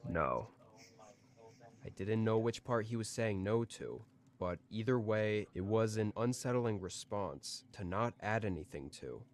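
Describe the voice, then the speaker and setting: A man calmly reading out a scripted first-person horror story. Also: fairly low pitch, normal speed.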